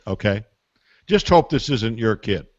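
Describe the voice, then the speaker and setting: An older man with a low voice, sounding close and dry, answers parenting questions on a call-in advice show over muffled call audio with no echo. He speaks expressively and a little slowly, telling folksy stories and leaning on emphatic asides.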